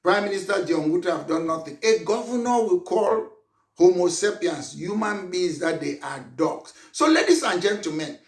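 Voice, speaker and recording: Indignant high-pitched Cameroonian man, echoey. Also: expressive, normal speed. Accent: Cameroonian English. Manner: indignant, emphatic, scolding, bursts of shouting. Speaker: political party leader. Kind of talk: impassioned political speech.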